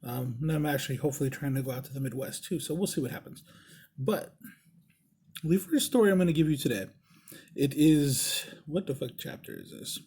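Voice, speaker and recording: A man telling a casual, profane story as a podcast host, laughing as he goes and shouting the lines of the people in it. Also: a little high, animated, brisk, husky. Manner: heavy swearing, laughs while telling; shouts in mock-angry voices for quoted people.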